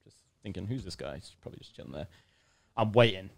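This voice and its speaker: A young man from the UK, guesting on a podcast, tells a long story fast in a low, gravelly voice. He plays out the characters' words with animation and sometimes bursts into loud excitement during the casual interview. There's no room sound.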